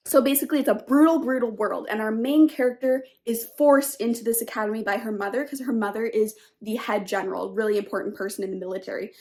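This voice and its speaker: A young woman vlogging about books, gushing casually with many "like" fillers and sometimes dropping into a whisper. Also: mid-range voice. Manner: gushing, filler-heavy, lots of "like"; drops into a whisper late at night. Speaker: book vlogger. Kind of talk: casual reading vlog.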